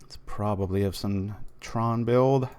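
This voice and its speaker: A deep, low-pitched man from the United States commentates his card-game stream. He talks in a loose, rambling way, full of fillers and side remarks. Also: measured pace, darkish tone, clear, resonant tone. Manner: rambling, many fillers, chatty.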